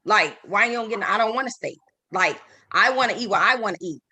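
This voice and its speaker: A woman in her thirties talks on a casual live panel show with a bright, forward voice. She is animated and emphatic, and she often breaks off and restarts her sentences as she makes her point. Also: medium pitch, a little fast, breathy edge. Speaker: panel host.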